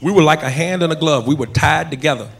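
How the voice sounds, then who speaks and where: A man doing a stand-up routine on a comedy club stage, building up to shouted punchlines. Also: a little high, fast, gravelly. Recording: roomy live club recording with audience.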